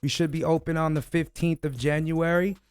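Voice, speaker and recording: A man's voice: a little high, steady tone, normal speed, clean tone, dry recording, clean studio sound. A man who owns a gym and barbershop, a guest on a radio show, chatting in a laid-back way with lots of fillers. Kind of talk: casual radio chat. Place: radio studio. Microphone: studio mic.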